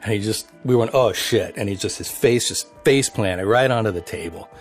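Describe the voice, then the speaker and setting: A man's voice: lowish voice, fairly quick, faint music behind. A man from a band telling a profane road anecdote in a documentary interview. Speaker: band member.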